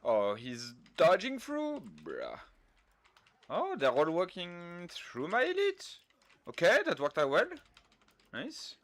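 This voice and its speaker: A man's voice: high voice, huge pitch swings, takes it slowly, a bit bright, dry recording. A man with a French accent, chatting casually on a game stream, laid-back, swearing freely and mocking himself. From France. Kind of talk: casual live-stream chat, reading out viewer messages.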